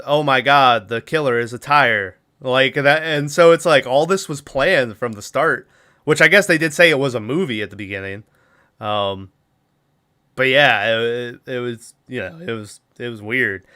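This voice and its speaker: A man's voice: mid-range voice, sharp tone, smooth. A man hosting a podcast, casually retelling a movie's plot and acting out the characters' lines with laughs. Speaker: podcast host.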